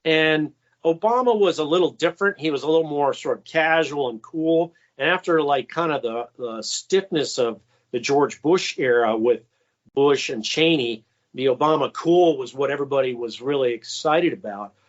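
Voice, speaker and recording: A man's voice: moderate pace, highs cut off. A man guest telling insider stories in an interview, with casual fillers and quoted asides. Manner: anecdotal, acts out quoted voices with raised pitch. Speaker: guest, former White House stenographer. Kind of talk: storytelling interview answers.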